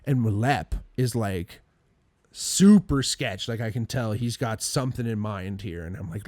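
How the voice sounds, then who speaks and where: A man telling a story in casual chat, animated, acting out quotes, swearing and laughing often. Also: fairly low pitch, normal speed, dry recording. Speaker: podcast guest.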